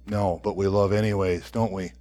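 A man preaching a sermon, reading scripture aloud with slow, deliberate phrasing that trails off softly at the ends. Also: sits low, little pitch movement, soft background music.

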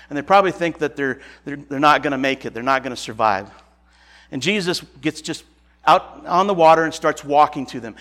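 A man's voice: on the high side, fairly bright tone. Folksy man preaching casually. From Nebraska. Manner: casual and folksy, chuckles and self-corrects often. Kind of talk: informal sermon retelling a Bible story.

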